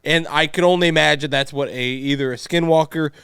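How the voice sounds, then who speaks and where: A man's voice: fairly high pitch, a little fast, a bit bright, clean tone, dry recording, studio quality. A man co-hosting a casual podcast chat, rambling loosely and laughing easily. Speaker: podcast co-host.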